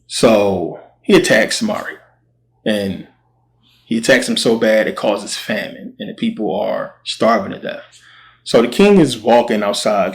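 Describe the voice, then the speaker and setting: A man casually retelling a Bible story in slangy speech, acting out what the characters say. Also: lowish voice. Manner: slangy, animated quoting of characters.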